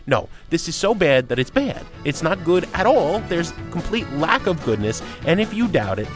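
A man co-hosting a music radio show, giving emphatic, sarcastic opinions with quick asides. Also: fairly high pitch, sing-song. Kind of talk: animated opinionated chat.

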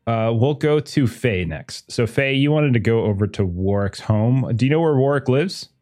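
A man running a tabletop roleplaying game. He talks in an easygoing, loose way, full of "uh" and "like". His voice sits at a middle pitch. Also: moderate pace. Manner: relaxed, lots of fillers. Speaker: game master.

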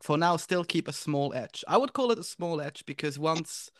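A man's voice: on the high side, expressive, normal speed, a bit bright, dry recording, studio quality. A man hosting a podcast, asking reflective, rambling questions. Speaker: podcast host. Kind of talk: casual podcast interview.

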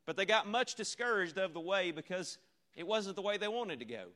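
A man's voice: sits high, animated, fairly quick, sharp tone. A man preaching a revival sermon, earnest and repetitive, asking the congregation rhetorical questions. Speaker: visiting preacher.

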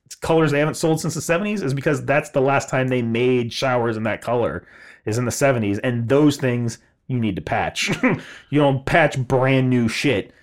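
Male co-host, casual storytelling, animated and profane, average pitch. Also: normal speed. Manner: animated, swearing, laughing, mimicking others in quotes.

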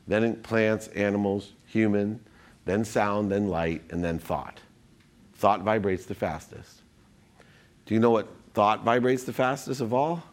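A man's voice: lowish voice, unhurried. A man talking as a podcast guest, philosophizing with energy and restarting his sentences often as he tells his story. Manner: frequent restarts and self-interruptions. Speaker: podcast guest, business executive. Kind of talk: conversational storytelling.

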